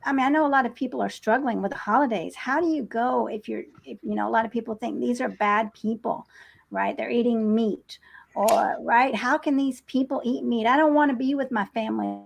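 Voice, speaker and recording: A woman hosts the talk, asking earnest questions that she works out aloud. Her voice is somewhat high with a gravelly fry. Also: fairly quick. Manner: earnest, searching, repeats herself while forming questions. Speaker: host. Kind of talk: interview questions.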